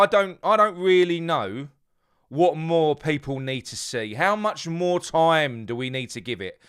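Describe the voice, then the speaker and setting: Fuming football fan, high voice. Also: male voice, fairly bright tone, clean tone. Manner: heated, repeats himself, swears. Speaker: fan channel presenter. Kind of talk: angry fan rant.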